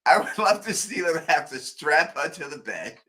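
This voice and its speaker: A man hosting a casual call-in livestream, energetic and quick to laugh. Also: fairly high pitch. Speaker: livestream host.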